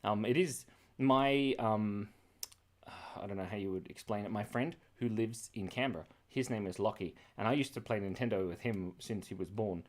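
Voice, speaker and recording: An Australian man with a lowish voice talks at normal speed while drawing live on stream. He rambles from topic to topic, laughs frequently, and reacts to incoming chat messages.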